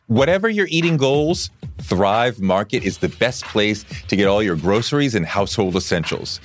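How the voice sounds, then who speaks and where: A man hosting an interview show, asking questions and reading a sponsor ad in a measured way. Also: on the low side, a little hiss or hum. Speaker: podcast host.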